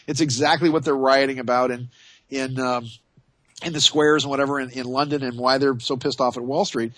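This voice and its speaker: A man's voice: mid-range voice, fairly even intonation, brisk, fairly bright tone, no echo. A man hosting a radio talk show, chatting and joking in a rambling way.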